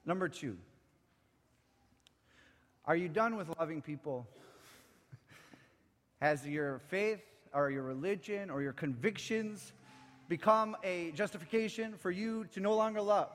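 A man preaching a sermon, impassioned, swinging from near-shouts down to low, quiet lines. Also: a little slow, pauses often. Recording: echoey hall with faint music.

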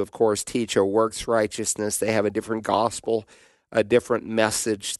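Low-voiced emphatic radio Bible teacher, man. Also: clean tone, no echo, studio quality. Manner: emphatic, preaching.

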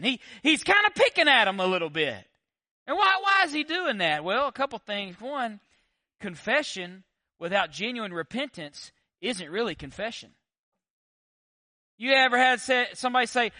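Bright-voiced preacher, animated. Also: male voice, high voice, moderate pace, no echo, studio quality. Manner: animated, conversational preaching with rhetorical questions. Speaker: pastor. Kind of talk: sermon.

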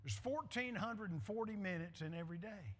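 A slightly rough, high-pitched male voice moves a little fast as a middle-aged pastor delivers his sermon. He repeats lines emphatically and calls out to the congregation, which answers back, in a hall with reverb.

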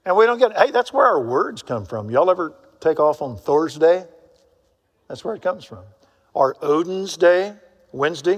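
A man preaching a sermon with a somewhat high voice. He tells Bible stories in a folksy way, acts out the characters, and swings between loud bursts and hushed asides. His voice carries a long reverb from a church hall.

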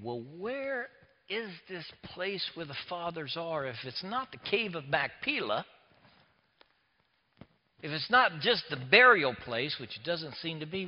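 Dramatic preacher in echoey hall. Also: male voice, on the high side. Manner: dramatic, swings from hushed near-whispers to loud emphatic preaching. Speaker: pastor. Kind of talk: sermon. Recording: echoey hall, dull lo-fi sound.

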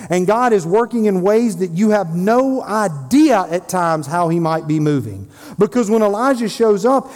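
Pastor with a high, hall-washed voice. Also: male voice, a little mellow. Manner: storytelling, acts out biblical dialogue in casual voices. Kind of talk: sermon. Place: church sanctuary. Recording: long hall reverb.

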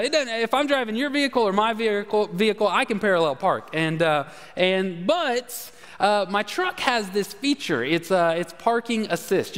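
A man's voice: sits high, a bit bright, clear, resonant tone. A man preaching, telling a folksy, self-deprecating story with many fillers and "all right?" asides. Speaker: pastor. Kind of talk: sermon storytelling. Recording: long hall reverb.

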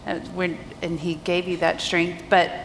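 Woman, Southern accent, soft-spoken interviewer, lowish voice, faint noise, long reverb. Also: flat delivery, unhurried, vocal fry. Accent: Southern American. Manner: gentle, encouraging, affirming listener sounds. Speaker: event host and interviewer. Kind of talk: interview at a church women's event.

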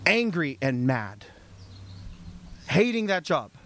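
A male pastor preaching a sermon in an animated, conversational storytelling way. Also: on the high side, slow pace, slight background noise.

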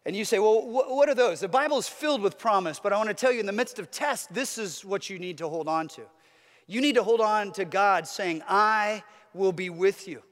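A man's voice: high voice, brisk, long reverb tail. A man preaching a sermon as a pastor, earnest, with a repetitive, building cadence.

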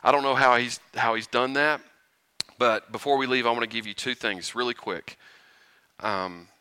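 Animated preacher with a bright voice. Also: male voice, medium pitch, moderate pace, clean tone, no room sound, clean studio sound. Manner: animated, chuckles often, uses rhetorical questions. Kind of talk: sermon.

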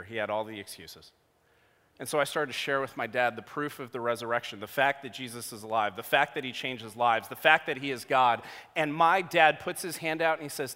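A man in his thirties preaching a sermon, telling a personal story with jokey asides, going from hushed to loud. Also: medium pitch. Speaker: pastor. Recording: long hall reverb.

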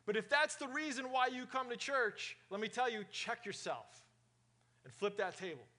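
Male pastor, high voice, energetic preacher who asks the room questions. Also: normal speed. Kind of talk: sermon.

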